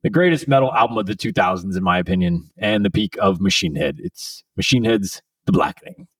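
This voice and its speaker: A man's voice: deep voice, brisk, slightly rough, no echo, far from the mic, low-quality recording. A man co-hosting a metal podcast, reading an album review as a fervent list of praise. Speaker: podcast co-host.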